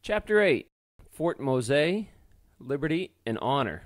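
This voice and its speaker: A man narrating an audiobook chapter in a steady, measured reading. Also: medium pitch, soft background music. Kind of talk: scripted narration.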